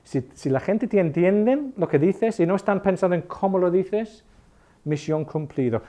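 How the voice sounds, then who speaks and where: A Northern English man in his fifties with an educated accent teaches an informal online class, chatty and joking, and he often stops and restarts mid-sentence. His voice is a little high yet warm and mellow, expressive, and fairly quick.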